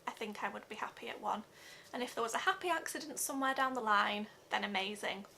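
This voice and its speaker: A young woman giving an earnest personal vlog update, talking haltingly with many fillers. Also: medium pitch, creaky, bright, forceful tone, slight background noise. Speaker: vlogger.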